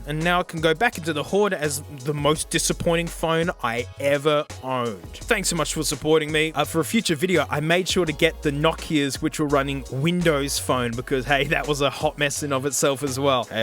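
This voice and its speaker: A man with an Australian accent narrates his vlog with dry, sarcastic jokes and rambling asides. His voice sits fairly high, and soft music plays underneath. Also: a little fast, hardly any pauses. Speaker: YouTuber.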